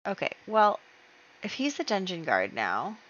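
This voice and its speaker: A woman's voice: medium pitch, huge pitch swings, a little slow, a bit bright, highs cut off, slight background noise. A woman hosting a let's play, chatting casually as she narrates her game moves with fillers and small laughs.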